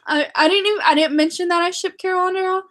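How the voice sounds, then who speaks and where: A young woman vlogging casually to camera, rambling and excitable, with many fillers and restarts. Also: extremely high pitch, fast talker.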